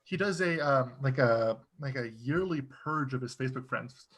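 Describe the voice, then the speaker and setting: Husky wry podcast co-host. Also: male voice, medium pitch, animated, normal speed. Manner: wry, sarcastic. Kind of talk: casual chat.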